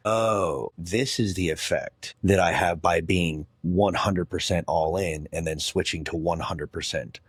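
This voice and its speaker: A man's voice: low voice, measured pace, hardly any pauses, slightly rough, no echo, studio quality. A man speaking as a podcast guest, earnest and heartfelt about leadership and faith. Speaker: podcast guest, gym owner. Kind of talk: casual podcast conversation.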